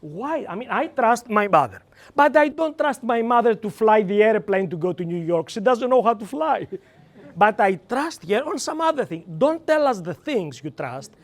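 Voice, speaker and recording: A man with a Greek accent leading a live seminar, emphatic and animated, acting out quoted lines and calling on audience members by name. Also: high-pitched, moderate pace. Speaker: seminar trainer.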